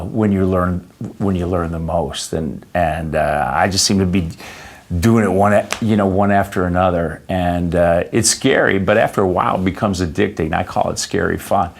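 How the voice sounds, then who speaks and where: An interview guest with a very low voice gives long answers, halting, restarting and filling pauses often. He tells stories as he goes, frequently wandering into personal anecdotes.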